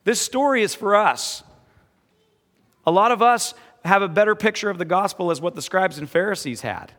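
A male pastor delivers a sermon in a somewhat high voice. He moves between quiet, earnest scripture reading and emphatic exhortation. The sound rings out with a long reverb across a large hall. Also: expressive, normal speed.

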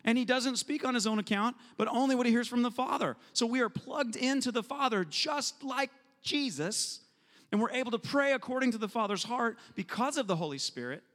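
A man preaches with a high, ringing voice, acting out prayers and little voices as he teaches. His words hang in a long hall reverb, as in a large church. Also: lively intonation, a little fast, fairly bright tone. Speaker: pastor. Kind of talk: sermon.

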